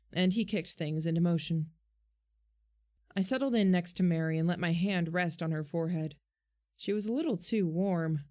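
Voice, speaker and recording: A woman calmly reading first-person fiction as an audiobook narrator. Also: fairly low pitch.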